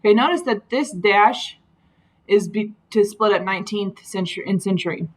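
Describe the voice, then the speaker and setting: A woman's voice: medium pitch, normal speed, low-quality recording. Patient woman teacher explaining slides. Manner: patient, explanatory, with frequent ums. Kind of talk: recorded slide lesson.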